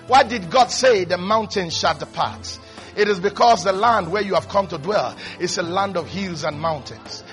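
A high-pitched man preaching a lively sermon, his voice bright and ringing. He swings from low, quiet asides up to shouted, squealing mimicry. Faint music plays behind him. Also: normal speed.

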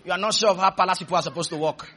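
A man preaching a sermon, shouting dramatic lines and leading the congregation in call-and-response. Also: high-pitched, very fast, slight background noise.

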